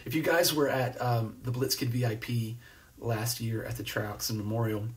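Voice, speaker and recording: A man's voice: medium pitch, steady tone, moderate pace. Guy chatting on a live stream, reading comments, lots of ums and restarts, mic kinda far off. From New Jersey. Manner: rambling, laid-back, many fillers and restarts. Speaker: host. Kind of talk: casual livestream chat reading comments. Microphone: phone or webcam on a live stream.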